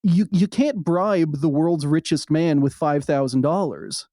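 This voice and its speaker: A man co-hosting a podcast, talking fast and wry as he recaps, with quick asides. His voice sits fairly high but sounds mellow and warm. The sound is dry and close, with no room around it. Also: no echo. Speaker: podcast co-host. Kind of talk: casual podcast chat.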